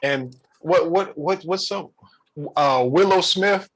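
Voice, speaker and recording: A man co-hosting a casual relationship podcast, animated and playful, slipping into quick character voices. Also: fairly high pitch. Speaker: podcast co-host.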